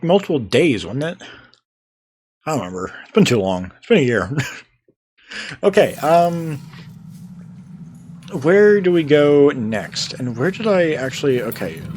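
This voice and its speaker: A man giving chatty let's play commentary, laughing often and thinking aloud. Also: medium pitch. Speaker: gamer.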